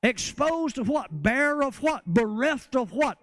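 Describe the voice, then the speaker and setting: High-voiced preaching pastor, dry sound. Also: male voice, expressive, slow pace, hardly any pauses, no room sound. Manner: preaching with repeated rhetorical questions to the congregation. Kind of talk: sermon.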